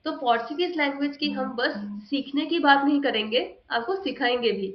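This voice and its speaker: Woman teacher rattling through a lesson, bit high voice, echoey muffled room. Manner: rapid explaining, slows to spell out new words. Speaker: language teacher. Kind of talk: online language lesson. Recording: echoey room, dull lo-fi sound.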